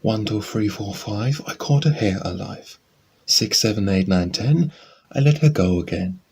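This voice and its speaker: A man's voice: fairly low pitch, animated, measured pace, a little mellow, breathy edge. A man reading nursery rhymes aloud as an audiobook, in a sing-song, rhythmic recitation. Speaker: audiobook reader.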